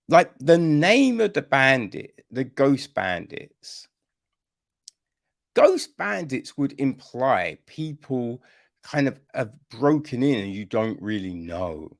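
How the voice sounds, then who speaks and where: A man's voice: mid-range voice, vocal fry, no room sound, studio quality. A man giving a casual film review on a podcast, exasperated, and ending his points with "right?". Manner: exasperated, repeats "right?" often.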